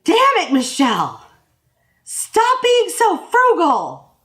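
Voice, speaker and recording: A woman's voice: high voice, sing-song, very fast, a little mellow, voice pushed up. A woman imitating her husband in a sing-song, mock-scolding voice. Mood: mock outrage.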